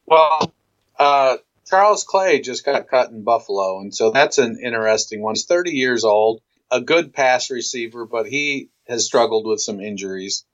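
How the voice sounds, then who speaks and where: Measured man from Ohio on a podcast. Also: mid-range voice, expressive, a bit bright, highs cut off. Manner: measured, analytical, rattling off names. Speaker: podcast co-host. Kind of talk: casual podcast analysis.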